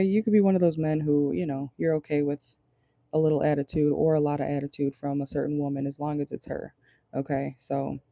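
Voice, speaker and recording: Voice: medium pitch, warm tone, no echo. A tarot reader giving a casual channeled reading from a car, talking bluntly, swearing and laughing often. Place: parked car.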